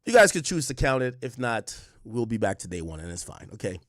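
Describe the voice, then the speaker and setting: A young man hosting a livestream, casually reading his chat and shouting out cities in a loose, profane way. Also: mid-range voice, sing-song, a little fast, no echo, clean studio sound. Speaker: livestream host. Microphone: desk mic close up.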